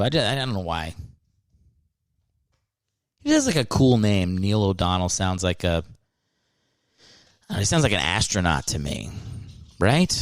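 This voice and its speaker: A man's voice: on the low side, no echo, studio quality. A man hosting a podcast, rambling in a casual, profane and self-mocking monologue. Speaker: podcast host.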